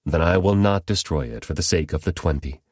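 A man voices a calm, merciful god answering in measured words, in a scripture reading. The voice is deep and even. The recording is close and dry. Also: no echo. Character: calm, merciful male deity.

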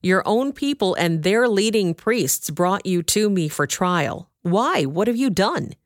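A woman's voice: mid-range voice, animated, a little slow, dry recording, clean studio sound, close to an everyday voice. A woman voicing a stern male Roman governor in a scripture reading, questioning sharply. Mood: demanding.

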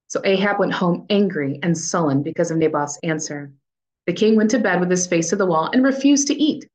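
A woman reads scripture in a clear, measured way for a daily Bible plan. Her voice sits a little low for a woman. The reading is scripted and steady. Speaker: scripture reader and podcast cohost.

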